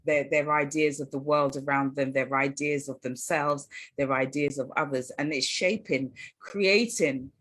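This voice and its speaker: A woman's voice: very deep voice, fairly even intonation, measured pace, hardly any pauses, a bit bright, husky. A woman hosting a parenting interview over a video call, speaking in an earnest, reflective way and repeating phrases. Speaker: podcast host. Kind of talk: conversational interview.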